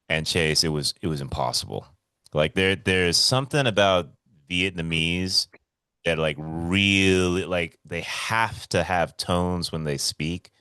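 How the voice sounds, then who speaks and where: A man's voice: low voice, moderate pace, fairly bright tone, smooth, dry recording, clean studio sound. A man co-hosting a podcast over a remote call, telling stories in a laid-back, swearing, casual way. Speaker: podcast co-host. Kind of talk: casual chat.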